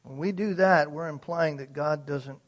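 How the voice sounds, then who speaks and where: A man's voice: a little high, moderate pace. A man preaching a sermon with emphasis, posing rhetorical questions to his listeners. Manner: emphatic, uses rhetorical questions and acted quotes.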